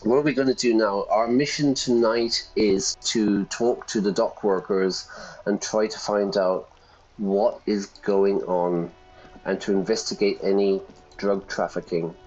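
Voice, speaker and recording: A man's voice: on the low side, steady tone, measured pace, darkish tone, soft background music. A man, a teacher chatting casually while playing a game and explaining words as he goes. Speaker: English teacher. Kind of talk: let's-play lesson, casual commentary. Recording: dull lo-fi sound.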